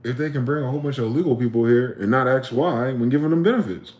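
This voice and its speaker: A man's voice: medium pitch, fast, few pauses, a little mellow. A man delivering an impassioned, profane solo rant, firing off rhetorical questions. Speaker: vlogger. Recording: echoey room.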